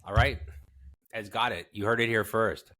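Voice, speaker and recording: A man's voice: lowish voice, steady tone, normal speed, a bit bright, dry recording. A man hosting a casual podcast, joking and cursing while he steers the conversation. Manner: joking, profane, steers the talk. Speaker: podcast host. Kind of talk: casual chat.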